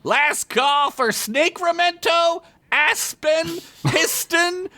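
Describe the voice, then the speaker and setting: A man's voice: very high voice, voice pushed up, heavily acted. Man doing a tiny shrieking lizard conductor. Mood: hollering. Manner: shouted, drawn-out announcements. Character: tiny shouting male reptoid train conductor.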